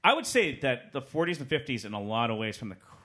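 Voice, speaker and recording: A man's voice: mid-range voice, big pitch swings, quick pace, sharp tone. A man co-hosting a podcast, talking casually and enthusiastically about classic films in long rambling runs. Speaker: podcast co-host. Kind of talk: casual film discussion.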